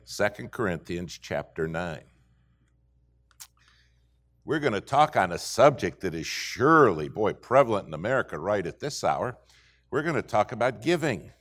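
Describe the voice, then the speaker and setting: A middle-aged man preaching a sermon, folksy and full of homespun stories. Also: lowish voice. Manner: folksy, animated storytelling preacher. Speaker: pastor.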